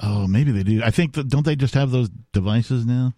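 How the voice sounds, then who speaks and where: Chuckling radio host, dry studio sound. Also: male voice, mid-range voice, normal speed, mellow, dry recording. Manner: laughs often, rambling with filler words. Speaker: radio talk show host. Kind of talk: casual talk radio banter.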